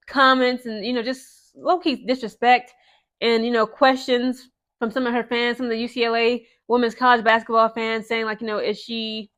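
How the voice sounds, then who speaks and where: A young woman with a slightly high voice giving casual sports commentary to her followers. She talks in an animated, chatty way and keeps checking in with her audience as she goes. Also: moderate pace. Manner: chatty, animated, frequent "okay?" and "guys" asides.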